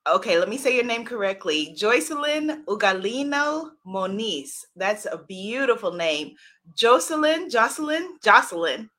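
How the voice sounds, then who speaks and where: A woman's voice: mid-range voice, animated, unhurried, hardly any pauses, a bit bright. A woman hosting a live stream as an author, chatting effusively with viewers, greeting commenters by name and laughing often. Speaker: livestream host and author.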